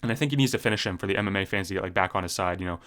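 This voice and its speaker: Young man, fast-paced, profane, heated casual rant, slang-heavy. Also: low voice, fairly bright tone. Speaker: MMA commentary YouTuber. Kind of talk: casual ranting commentary.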